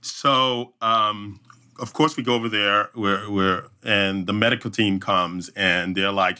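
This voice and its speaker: A man telling an animated story as a podcast guest, acting out voices and sound effects as he goes. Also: fairly low pitch, slow pace, smooth. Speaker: obstacle race emcee, podcast guest.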